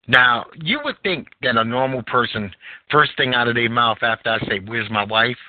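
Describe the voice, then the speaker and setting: A man's voice: moderate pace, a little hiss or hum. A man hosting a podcast, telling a story in casual, profane chat with big swings of feeling. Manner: animated, profane storytelling with wide pitch swings. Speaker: podcast host. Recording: tinny phone line.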